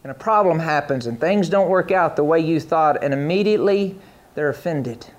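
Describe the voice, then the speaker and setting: A man's voice: fairly high pitch, moderate pace. A man preaching a sermon with emphatic, rhythmic repetition.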